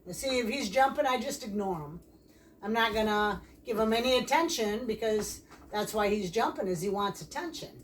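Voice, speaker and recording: A woman's voice: medium pitch, animated, moderate pace. A woman explaining puppy training outdoors in a plain, practical casual vlog manner. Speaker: dog trainer. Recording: distant mic, faint background noise.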